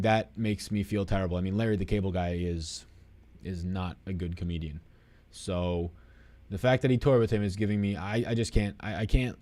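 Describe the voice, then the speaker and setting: A man's voice: fairly low pitch, warm tone. A young man hosting a live stream, casually answering chat questions in a rambling, swearing, off-the-cuff way.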